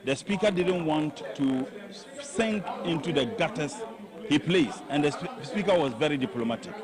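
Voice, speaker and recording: Combative Ghanaian politician, crowd behind. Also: male voice, fairly high pitch, animated. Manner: deliberate, combative. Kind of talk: press conference remarks. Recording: crowd noise outdoors.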